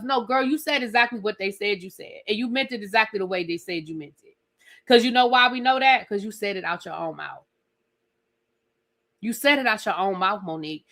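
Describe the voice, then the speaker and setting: Woman streamer, bright higher voice, sassy chatty host reviewing reality TV live. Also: fairly quick. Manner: chatty, sassy, addresses viewers as girl and y'all.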